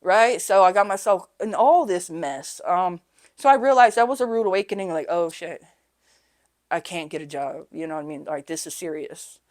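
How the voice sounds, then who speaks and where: A woman's voice: mid-range voice, animated, a little fast. A woman guest on a podcast, telling her life story in a rambling, candid way, often asking "right?" and swearing casually. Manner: rambling and candid, with frequent "right?" and "you know"; often drops to a quiet voice when reliving hard moments.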